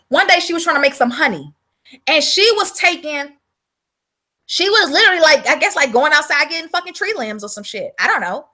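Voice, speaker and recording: A woman's voice: high-pitched, expressive, brisk, bright, forceful tone. A woman ranting bluntly and profanely in a casual livestream, repeating words for emphasis. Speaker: vlogger selling herbal products.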